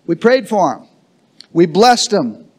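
A man's voice: high-pitched, very animated, slow, a little mellow. A man preaching a sermon as pastor, emphatic and calling for answers from the congregation. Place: church sanctuary.

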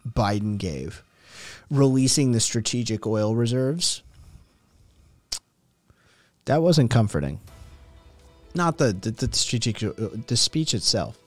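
A man hosting a casual podcast stream, rambling, swearing freely and answering chat as he talks. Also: fairly low pitch. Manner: profane, rambling, reacting to chat. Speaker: podcast host.

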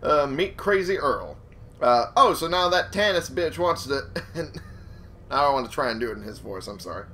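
A man's voice: mid-range voice, lively intonation, moderate pace, sharp tone. A man giving casual let's play commentary, swearing and chuckling to himself. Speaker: gamer.

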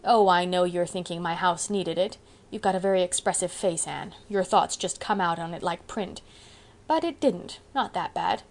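A woman's voice: fairly low pitch, moderate pace, natural voice. A woman voicing a grumbling, sheepish older male farmer in an audiobook, talking in a rueful, folksy way.

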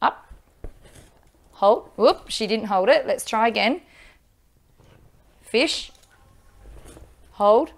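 An upbeat woman, teaching dog training and giving loud bursts of praise into a microphone. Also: a little high, expressive, drawn-out words, vocal fry, pauses often. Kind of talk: instructional video with live dog training.

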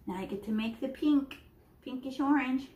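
A woman's voice: high-pitched, moderate pace, dark tone, dull audio. A middle-aged woman teaching children to paint, chatty and playful, talking through every brushstroke as she works. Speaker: art teacher. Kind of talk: live art lesson to children.

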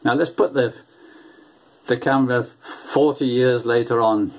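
A man's voice: mid-range voice, fairly even intonation, measured pace. An older man preaching a sermon, telling stories in an earnest way and often repeating his words.

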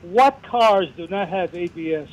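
Joking New caller, higher voice. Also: male voice, a little slow, poor audio. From New York. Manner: joking, quizzing the experts. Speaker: regular caller. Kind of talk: call-in question.

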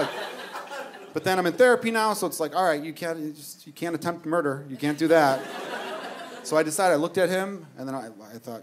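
A man's voice: on the high side, fast talker, noisy background. A male stand-up comedian from the United States telling a profane story on stage, with asides to the audience. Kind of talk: stand-up routine.

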